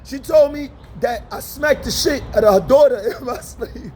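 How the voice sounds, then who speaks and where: A man's voice: extremely high pitch, normal speed. A man telling wild personal stories in a casual, profane, laughing manner, outdoors by a street. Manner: profane, laughing, animated storytelling. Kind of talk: casual storytelling. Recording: loud street traffic noise.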